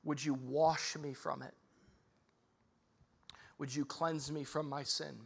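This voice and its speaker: A young adult man preaching a sermon as a pastor, talking casually and swinging between loud emphasis and soft, earnest passages. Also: a little high, flat delivery, takes it slowly, creaky, husky.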